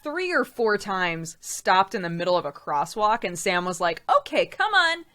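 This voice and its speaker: A woman's voice: fairly low pitch, lively intonation, moderate pace, a bit bright. A woman streamer chatting casually on her weekly show. She talks in loose, rambling runs and laughs often, and she breaks off to thank viewers by name. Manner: chatty, laughs often, reads out chat names. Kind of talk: casual live-stream chat.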